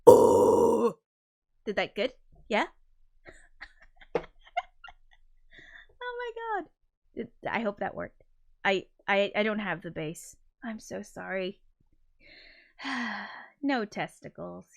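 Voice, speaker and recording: A woman's voice: mid-range voice, big pitch swings, slow pace, vocal fry, long pauses, fairly bright tone. A woman composer closing her live stream in casual chat, apologetic and flustered, swearing a lot and laughing often. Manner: laughs often between words. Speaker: composer and livestreamer.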